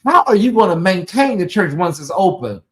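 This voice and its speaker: Brisk and high-voiced, a man hosts a late-night gossip stream, speaking straight to his viewers in a loose, chatty manner. He has a lilt and keeps drifting into animated asides.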